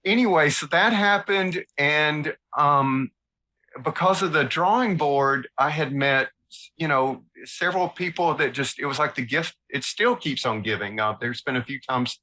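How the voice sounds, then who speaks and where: A man with a Southern American accent, a guest illustrator telling animated, self-mocking stories in a casual interview. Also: a little high, unhurried, rough recording.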